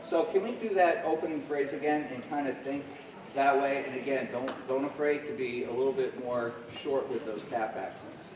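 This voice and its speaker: A man's voice: mid-range voice, normal speed, noisy background. A man in his forties coaching a middle school jazz band in a friendly way, scatting rhythms aloud as he teaches. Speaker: guest jazz clinician. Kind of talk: band rehearsal instruction. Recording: echoey room from far off.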